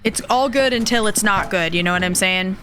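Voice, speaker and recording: Chatty young woman streamer, bright voice. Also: mid-range voice, fairly quick, slight background noise. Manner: chatty, reads chat aloud and greets viewers. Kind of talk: casual live-stream chat while gaming.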